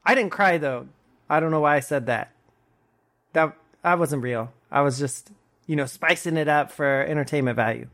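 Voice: medium pitch, normal speed, a bit bright. A player in a tabletop game, describing their character's actions in a playful way.

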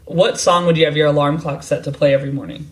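A podcast host asking questions in a casual interview chat, easygoing with quick affirmations. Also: medium pitch, steady tone.

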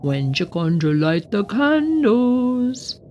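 A woman's voice: medium pitch, big pitch swings, slow pace, dull audio, heavy background noise, voice pushed up. A woman voicing a greedy, gullible male goblin who grumbles and whines. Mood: curious. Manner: whiny, grumbling.

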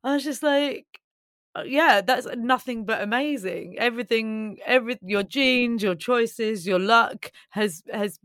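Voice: mid-range voice, unhurried, a bit bright, dry recording. Reflective podcast host, dry sound. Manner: reflective, searching for words. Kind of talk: casual conversation.

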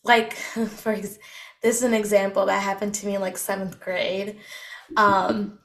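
A woman's voice: medium pitch, level tone, a little slow, a bit bright. Young woman from the us cohosting a podcast, super chatty, says like a lot. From United States. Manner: chatty, many filler words. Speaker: podcast co-host. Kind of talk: casual chat.

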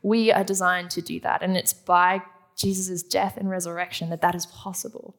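Gravelly-voiced woman preaching a sermon. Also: fairly low pitch, level tone, normal speed. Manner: teaching, asks the audience questions.

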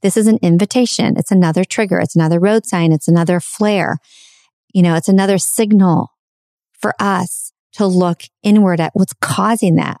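Earnest woman, low mellow voice. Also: normal speed, creaky, dry recording, studio quality. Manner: earnest, repeats phrases for emphasis. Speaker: podcast host. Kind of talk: reflective spiritual self-help talk.

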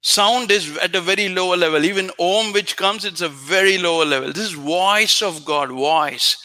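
Bright high-voiced man teaching spirituality. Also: normal speed. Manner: earnest, repetitive, emphatic teaching. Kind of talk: spiritual talk to listeners.

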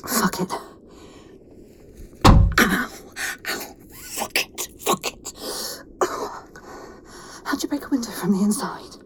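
A woman's voice: high-pitched, lively intonation, normal speed, background noise. A dry, sardonic woman. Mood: exasperated. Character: dry, understated young woman, wry under pressure. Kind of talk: audio drama acting.

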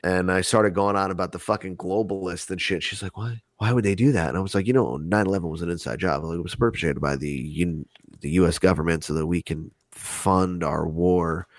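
Casting: low-voiced male co-host, relaxed and profane storyteller, dry sound. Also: a little fast, dry recording. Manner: laid-back, profane, laughs while telling stories. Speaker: podcast co-host. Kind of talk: casual storytelling chat.

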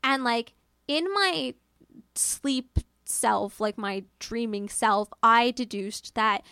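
A young woman with a fairly high, gravelly, sharp voice speaks slowly in clean, echo-free studio-quality audio. She casually tells a personal spooky story, chatty and full of fillers, swearing freely and acting out what she said.

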